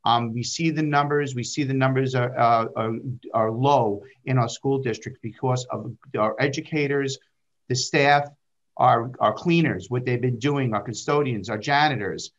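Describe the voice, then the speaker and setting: A man's voice: medium pitch, normal speed. A man, a state senator, speaking earnestly and rambling a little on a panel video call. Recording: dull lo-fi call audio.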